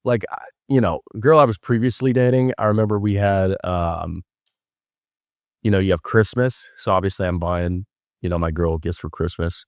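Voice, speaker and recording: In a casual storytelling monologue, a young Wisconsin podcast host jokes around and leans heavily on fillers. He speaks at a normal speed in a low voice, captured dry and at studio quality.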